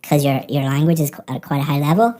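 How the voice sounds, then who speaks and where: Woman examiner, low pitch, mellow tone, encouraging and explanatory in one-on-one feedback. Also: fast talker. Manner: encouraging, explains with spoken examples. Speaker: English speaking test examiner giving feedback.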